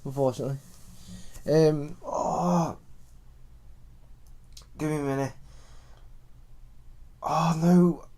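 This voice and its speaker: A man's voice: on the high side, fairly even intonation, slow pace, pauses often, dark tone. A man in his twenties from the UK, co-hosting a podcast with blunt, sweary teasing. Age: 20s. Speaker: podcast co-host. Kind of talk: casual chat.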